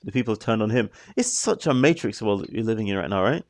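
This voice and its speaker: Low gravelly guy rambling through a video reaction, stop-start, keeps saying sorry, dry close sound. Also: expressive, quick pace, no echo. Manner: musing, stop-start, apologetic asides. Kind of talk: casual reaction commentary.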